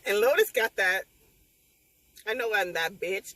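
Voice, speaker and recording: Lively bright-voiced woman book vlogger. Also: on the high side, normal speed, low-quality recording. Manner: excitable and emotional, addresses viewers as y'all. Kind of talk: casual chat.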